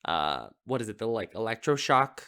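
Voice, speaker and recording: A man's voice: fairly low pitch, sing-song, moderate pace, pushed and bright, smooth. A man hosting a podcast, casually recapping a horror film in a rambling, amused way, with lots of filler words. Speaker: podcast host.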